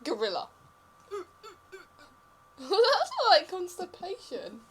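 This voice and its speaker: A woman's voice: very high-pitched, huge pitch swings, takes it slowly, fairly bright tone. A young woman in casual chat, playfully calling out animal names and giggling between them. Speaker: vlogger.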